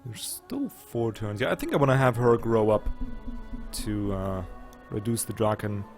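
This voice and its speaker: A man's voice: on the low side, animated, measured pace, a little mellow, soft background music. A man with a German accent, casually commenting on a strategy game and thinking aloud with muttered asides. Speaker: let's play gamer.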